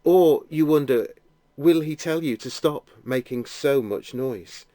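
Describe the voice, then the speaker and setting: A man narrating a guided imaginative prayer, telling the scene gently in the second person. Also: on the high side, slow, dry recording.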